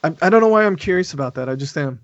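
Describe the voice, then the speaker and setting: An American man hosting a podcast in casual chat, chatty and quick to laugh, with many restarts. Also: fairly high pitch, lively intonation, no room sound, dull audio. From United States. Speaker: podcast host.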